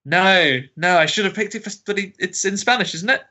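A man's voice: high voice, fairly quick, pushed and bright. A man co-hosting a podcast in casual chat, rambling and laughing easily. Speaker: podcast co-host.

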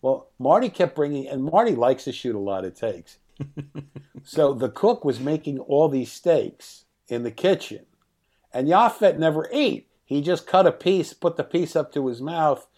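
Man spinning lively film-set stories. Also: fairly high pitch, unhurried. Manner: lively raconteur, acts out quotes, laughs often. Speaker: film writer-director guest. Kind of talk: anecdotal interview storytelling.

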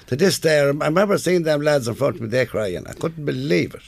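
A man's voice: fairly high pitch, lively intonation, fast, gravelly, breathy edge, no echo. A man, a former footballer and guest telling earnest, plain-spoken stories in an interview. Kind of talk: interview storytelling.

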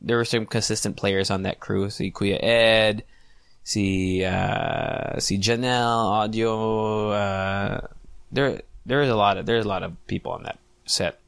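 A man's voice: fairly low pitch, steady tone, measured pace, vocal fry, a bit bright, clear, resonant tone, dry recording. A man in his late twenties hosting a solo podcast, talking casually with swearing and self-mocking humor. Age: 20s. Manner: casual, profane, self-mocking, laughs often. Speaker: podcast host.

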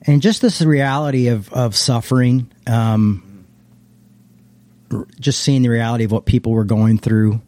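A man with a mellow, warm voice recalls his past in a relaxed interview, circling back and restarting his thoughts as he goes. The recording is dry and close, with no room echo. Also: mid-range voice, measured pace, pauses often. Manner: reflective, meandering, frequent restarts. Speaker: interview guest, former pastor. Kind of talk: casual conversational storytelling.

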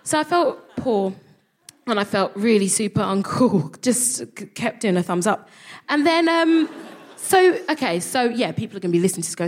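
A woman's voice: medium pitch, moderate pace. A woman, telling a comic story on a live stage, swearing freely and acting out the people in it. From England. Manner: animated, swearing, acts out voices, laughs at own jokes. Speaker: comedy podcast co-host. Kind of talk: live stand-up storytelling before an audience.

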